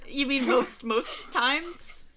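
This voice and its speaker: A woman's voice: high voice, background noise. A woman streaming a game, chatting casually with a friend in a bubbly, teasing way. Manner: bubbly, teasing, quick to laugh. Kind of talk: casual chat while playing a game.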